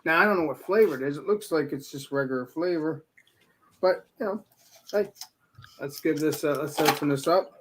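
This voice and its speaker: A man's voice: on the high side, moderate pace, a little hiss or hum, poor audio. A man hosting a casual live stream, talking in an easygoing, loose way. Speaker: host.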